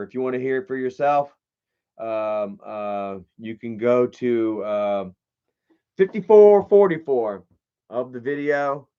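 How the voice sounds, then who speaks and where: A man's voice: mid-range voice, darkish tone, clean tone. A man giving casual livestream commentary, profane and mocking, reading chat messages aloud. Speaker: live streamer. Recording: muffled lo-fi stream audio.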